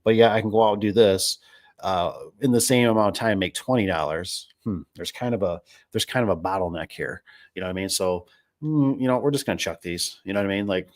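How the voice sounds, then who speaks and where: Casting note: a lower-voiced small-business owner, a man, talking off the cuff, folksy and rambling, close dry sound. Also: a little fast, dry recording. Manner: rambling, filler-heavy, folksy. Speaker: garage door business owner. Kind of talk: casual livestream chat.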